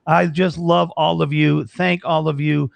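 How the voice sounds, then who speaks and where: A man with a gravelly, fry-edged voice hosts a live online talk show. He rambles through his sign-off, grateful and joking, close to a studio microphone in a dry, dead-sounding room. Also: fairly high pitch, level tone, a little slow, no echo. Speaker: show host. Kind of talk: casual live-stream sign-off chat.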